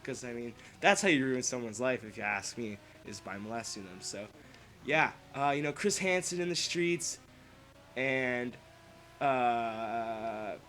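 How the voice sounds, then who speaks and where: A man's voice: mid-range voice, a little slow. Profane rambling young man. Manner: profane, rambling, swings between loud outbursts and muttering. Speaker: vlogger. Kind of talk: casual ranting monologue to camera.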